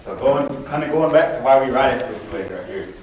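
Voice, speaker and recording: A man's voice: mid-range voice, lively intonation, fairly quick. A man co-teaching a language class, explaining casually to the students. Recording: echoey classroom from far off with background noise.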